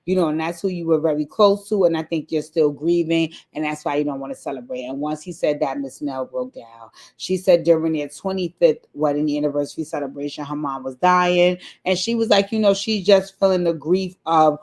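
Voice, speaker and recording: A woman giving a casual, animated recap of a reality TV episode to her viewers, chatty and free with swearing, acting out the people she quotes. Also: sits low, a little fast, hardly any pauses.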